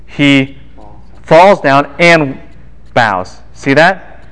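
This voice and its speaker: A man giving a university Bible lecture, lively and quizzing the class with quick asides. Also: on the high side, low-quality recording.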